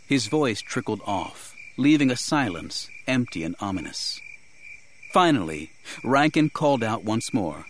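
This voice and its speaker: A man narrating a story as an audiobook reader in an even, measured storytelling manner. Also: mid-range voice, slight background noise. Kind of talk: scripted narration.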